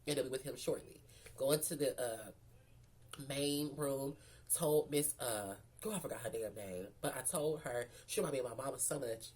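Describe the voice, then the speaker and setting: A woman's voice: a bass voice, moderate pace, a little mellow. A woman from Memphis telling a personal story in a sassy, profane, chatty way, calling her viewers girl and baby. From Memphis, Tennessee. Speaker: storyteller vlogger. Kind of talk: casual storytime.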